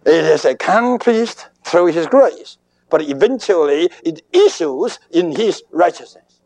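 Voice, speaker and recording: High, animated preaching man. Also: no echo. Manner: emphatic, deliberate preaching in short phrases. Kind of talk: sermon.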